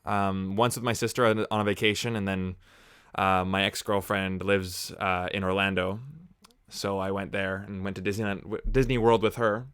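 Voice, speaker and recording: A man's voice: deep voice, level tone, normal speed, a bit bright, clean tone, no room sound. Young male reviewer, dry close sound, sarcastic casual banter. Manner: chatty, sarcastic, juvenile jokes. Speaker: movie review host. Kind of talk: casual watch-along chat.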